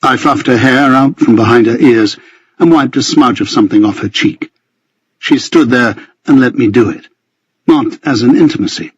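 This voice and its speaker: A man with a husky voice narrating a first-person novel in a measured storytelling manner. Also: medium pitch, no echo, highs cut off. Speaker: audiobook narrator.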